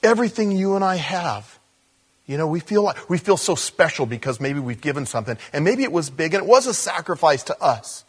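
Husky man preaching a sermon. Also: fairly high pitch, fairly quick. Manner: conversational preaching, animated bursts. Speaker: pastor.

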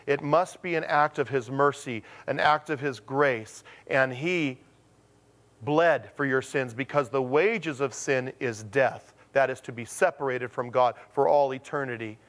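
Delivering a sermon, this pastor tells lively stories and voices the quotes himself, his pitch leaping suddenly. When he reaches key points, he slows down and stresses them with deliberate emphasis.

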